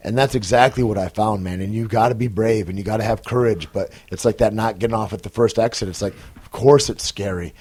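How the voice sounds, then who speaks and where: A man hosting a podcast, telling stories in an earnest, animated way with frequent restarts. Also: lowish voice, fast talker, husky, no echo. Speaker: podcast host. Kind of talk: casual podcast chat. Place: comedy club.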